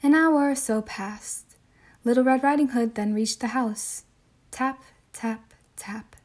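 A woman with a voice on the high side tells a classic fairy tale as a soothing bedtime story, narrating gently and in a measured way.

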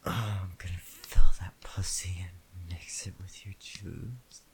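A man in a whispered role-play, talking slowly and intimately to the listener in a breathy whisper broken by moans. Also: low voice, little pitch movement. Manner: slow, intimate, second-person address. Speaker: erotic audio performer.

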